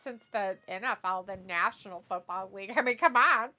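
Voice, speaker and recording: A woman's voice: medium pitch, brisk, sharp tone. A woman co-hosting a casual livestream watch-along, reading viewer comments aloud with frequent giggles.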